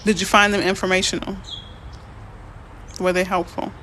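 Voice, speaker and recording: A woman realtor chatting casually on a live stream, reading out viewer comments and answering them in a chatty, excitable way. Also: mid-range voice, moderate pace, slight background noise. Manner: chatty, excitable, easily emotional. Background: birds chirping faintly.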